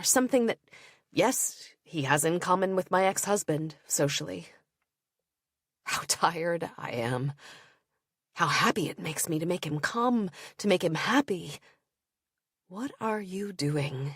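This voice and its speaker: A woman narrating an audiobook of first-person diary entries in an intimate, measured way. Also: on the low side, slightly rough, no echo, clean studio sound.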